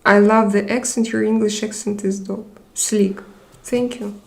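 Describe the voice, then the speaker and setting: A woman's voice: medium pitch, level tone, unhurried, creaky, darkish tone. A young woman hosting a casual live chat, reading viewer comments aloud and answering them. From Russia. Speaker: live stream host.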